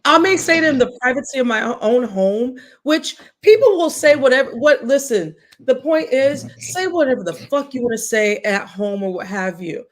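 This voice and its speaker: A woman's voice: high voice, expressive, normal speed, hardly any pauses. Blunt, profane woman co-host. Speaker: podcast co-host. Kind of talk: casual opinionated chat.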